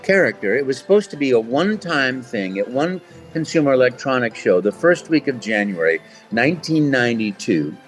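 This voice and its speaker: Voice actor guy telling stories in an interview, animated, does little voices, average pitch, faint music behind. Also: a little fast. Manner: animated, acts out voices in anecdotes. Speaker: voice actor guest. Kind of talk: casual interview storytelling.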